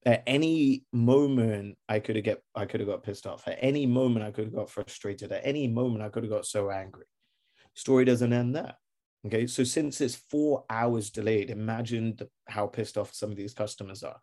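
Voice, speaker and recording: Low-voiced man telling an animated story. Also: normal speed. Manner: animated, acts out dialogue in the story; addresses listeners directly. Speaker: podcast host. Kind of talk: storytelling monologue.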